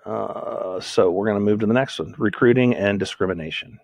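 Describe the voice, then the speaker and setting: A man with a very low voice walks through an outline as he types it, thinking aloud and fixing his own slips as he goes. The sound is dry and close, as from a desktop mic with no room around it. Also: brisk, vocal fry, darkish tone, dry recording, muffled recording. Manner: thinks aloud, self-corrects while typing. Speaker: teacher. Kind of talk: screen-recorded lesson on outlining notes.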